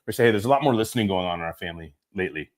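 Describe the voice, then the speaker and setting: A middle-aged father hosting a casual chat with his daughter, earnest and halting, often breaking off and restarting. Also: low voice, animated. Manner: halting, self-interrupting, earnest. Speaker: podcast host, father.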